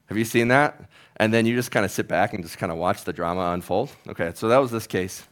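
A man's voice: on the low side, fast. A man who is a pastor, preaching a sermon in an earnest, conversational, storytelling manner.

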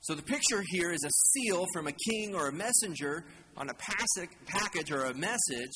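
A man's voice: high voice, expressive, normal speed, bright, forceful tone. A man preaching a conversational sermon as a pastor, casual and joking, asking the congregation questions. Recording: long hall reverb, faint ambient noise.

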